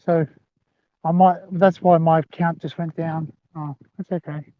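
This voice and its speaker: A man's voice: fairly high pitch, little pitch movement, measured pace, no echo. A man walking a rural rail trail outdoors and chatting loosely to livestream viewers from a handheld phone. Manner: chatty, rambling, addresses viewers as guys. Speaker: livestreaming walker. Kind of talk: live walking vlog. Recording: thin phone-like sound, dry.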